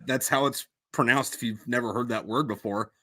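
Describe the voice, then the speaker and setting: A man's voice: medium pitch, brisk, crowd noise. A man hosting a casual live-stream chat about his own books. He rambles and puts himself down, with plenty of fillers and restarts. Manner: rambling and self-deprecating, full of fillers. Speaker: host and author of the books.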